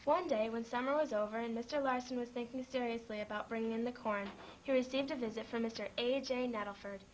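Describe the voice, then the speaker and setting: A woman reads a children's farm story aloud. Her voice sits a little high and her manner is gentle. A faint background noise stays under the reading. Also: fairly even intonation, fast, poor audio. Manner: gentle, lightly voices the animal characters.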